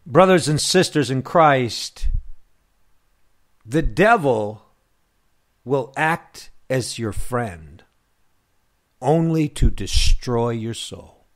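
Slow, deliberate male preacher. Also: medium pitch, lively intonation. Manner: slow, emphatic preaching with long pauses. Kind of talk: radio sermon.

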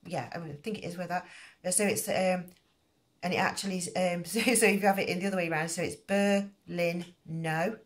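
A woman's voice: fairly low pitch, fairly even intonation, fairly quick. A middle-aged woman hosting a crochet channel, explaining at length in a rambling casual way with many fillers and restarts.

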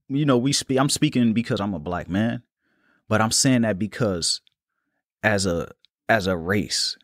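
A young man hosting a solo podcast, talking in a calm, unhurried, reflective way. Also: fairly low pitch, no room sound, clean studio sound. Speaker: podcast host. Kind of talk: casual solo podcast talk.

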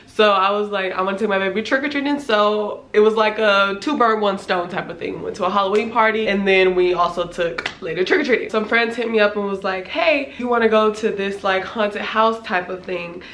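A woman in her twenties with a congested voice, casually telling a storytime tale with animated delivery, laughing often and filling her talk with "like.". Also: mid-range voice, a little fast, hardly any pauses. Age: 20s. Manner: animated, laughing, lots of "like" fillers. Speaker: vlogger. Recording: roomy echo, faint background noise.

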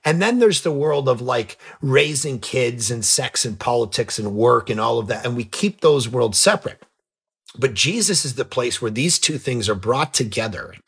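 A man in his forties, a pastor and author guest, telling stories in lively conversation and acting out the people in them. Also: fairly high pitch, breathy edge. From Canada. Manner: lively, acts out voices in anecdotes. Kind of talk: animated storytelling in conversation.

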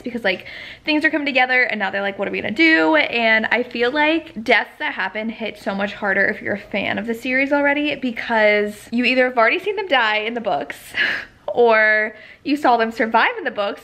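Young woman, slightly high voice, anxious excitable chatter, teary, casual vlog. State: teary, close to crying. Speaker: book vlogger.

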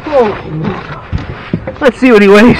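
A man hosting a fishing vlog outdoors on a lake, excitable and exclaiming, and out of breath. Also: high voice, normal speed, far from the mic, background noise. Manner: excitable, exclaiming, laughing often. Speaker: fishing channel host.

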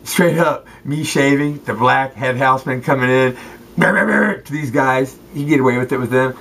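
A man's voice: mid-range voice, steady tone, normal speed, fairly bright tone, a little hiss or hum, rough recording. A man from Southern California, a former football player, ranting to the camera in a rambling, profane way, full of street slang and calling out people by name. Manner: street slang, addresses people directly, repeats "straight up" and "okay".

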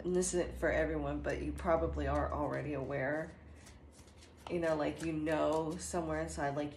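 A woman giving a channeled tarot reading in a slow, earnest way, meandering with many fillers and restarts. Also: deep voice, darkish tone, a little hiss or hum. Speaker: tarot reader. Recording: echoey room with faint ambience.

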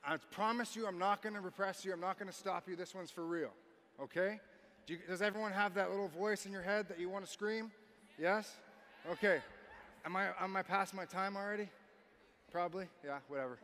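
A man in his thirties from Canada giving an energetic keynote talk on stage, coaxing the audience and building to shouts. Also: sits high. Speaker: motivational speaker. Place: large arena stage. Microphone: stage microphone. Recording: long arena reverb, faint noise.

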